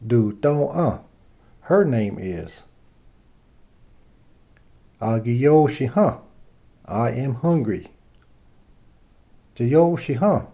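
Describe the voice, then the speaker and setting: A man teaching a language lesson, reading short dialogue phrases and their translations in a slow, deliberate way with pauses. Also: mid-range voice, expressive, mellow. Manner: slow, deliberate, pausing after each phrase.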